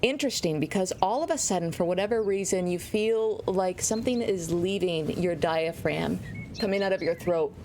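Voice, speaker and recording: A woman running a tabletop game as game master, narrating in an animated, playful way. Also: lowish voice, moderate pace, slight background noise.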